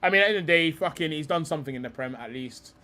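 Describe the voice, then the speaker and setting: High-voiced swearing streamer. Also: male voice, lively intonation, racing, sharp tone. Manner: swears a lot, thinks aloud, trails off into mutters. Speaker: streamer host. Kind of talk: live reaction talk.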